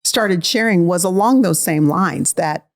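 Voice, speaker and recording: A middle-aged woman guest on a faith podcast, giving thoughtful, measured, encouraging advice. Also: lowish voice. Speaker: podcast guest, Bible teacher. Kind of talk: casual faith podcast conversation.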